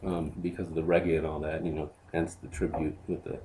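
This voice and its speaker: A man who reviews hot sauces, giving a heartfelt spoken tribute to a friend in a subdued, halting way. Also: extremely low pitch, level tone, mellow, slight background noise.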